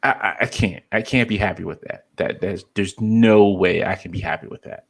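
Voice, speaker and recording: A man's voice: deep voice, fairly even intonation, moderate pace, vocal fry, husky. A man co-hosting a podcast in casual chat, rambling, apologizing and swearing freely. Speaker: podcast co-host.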